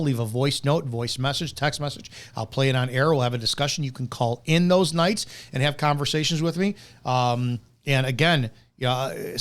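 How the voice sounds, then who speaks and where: A man hosting a policing commentary show, reacting to a video with blunt, profane, indignant ranting and frequent restarts. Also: on the high side.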